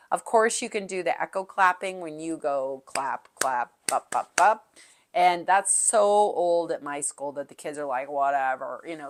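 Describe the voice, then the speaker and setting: A middle-aged woman music teacher talking through classroom tips in a chatty way, singing out short call-and-response rhythms as she goes. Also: fairly low pitch. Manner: chatty, demonstrates calls and rhythms aloud.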